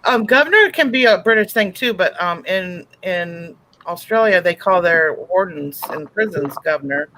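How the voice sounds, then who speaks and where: A woman's voice: on the low side, animated, moderate pace, few pauses, a bit bright, poor audio. Playful woman host of a webcam chat show, faint noise behind her. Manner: laughs often, playful. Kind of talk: casual video chat.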